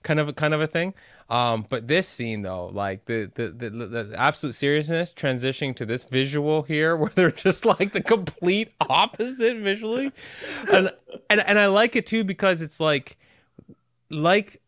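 A man's voice: on the high side, expressive, moderate pace, fairly bright tone, no echo, studio quality. A man co-hosting a podcast in casual chat, thoughtful and searching for his words, with an easy chuckle. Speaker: podcast co-host.

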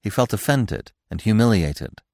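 A man's voice: on the low side, animated, normal speed, gravelly, darkish tone, no room sound, studio quality. A man narrating a classic children's story expressively as a podcast host. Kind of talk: audiobook narration.

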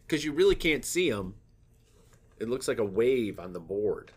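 A man's voice: fairly low pitch, animated, a little slow, slight background noise. A man co-hosting a casual podcast chat, rambling, swearing freely and laughing often. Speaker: podcast co-host.

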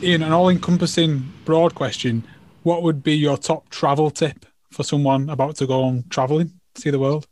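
A man's voice: fairly high pitch, steady tone, moderate pace, a little mellow, a little hiss or hum. A man hosting a casual interview, talking in a rambling way full of "like.". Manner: rambling, filler-heavy with "like". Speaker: host.

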